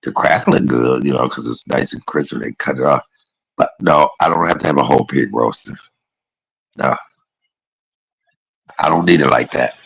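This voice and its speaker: A man's voice: very deep voice, moderate pace, creaky, long pauses, a bit bright, slightly rough, low-quality recording. A man chatting casually and rambling on a livestream, calling his viewers y'all and baby. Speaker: live streamer.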